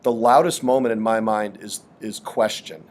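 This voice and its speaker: A man teaching a literature lesson in a thoughtful, hesitant way, with frequent pauses and fillers. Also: fairly low pitch, steady tone, darkish tone. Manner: thoughtful, hesitant with many ums. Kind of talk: explanatory lesson.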